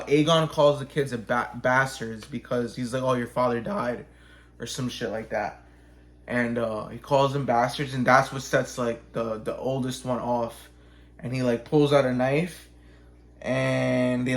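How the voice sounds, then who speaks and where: Give me a man in casual chat with a mid-range voice. He tells a rambling, profane story, leans on "like" and restarts, and jumps into quick character voices. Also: mid-range voice. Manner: acts out characters with quick voice changes.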